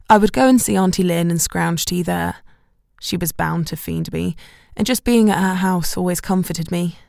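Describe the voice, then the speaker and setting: A woman's voice: fairly low pitch, vocal fry, a little mellow, dry recording, studio quality. A woman narrating a romance novel in the first person, in a wry, self-mocking storytelling manner. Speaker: audiobook narrator.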